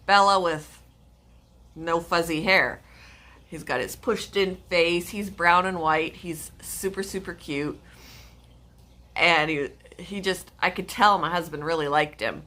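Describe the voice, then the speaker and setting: A woman's voice: lowish voice, unhurried, pushed and bright. A woman hosting a casual live stream, chatting to her pets and her viewers.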